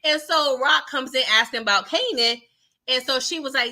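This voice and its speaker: A woman doing a casual live recap, chatty and animated, who laughs often and keeps checking in with "okay?". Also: fairly high pitch, brisk. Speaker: TV show recapper.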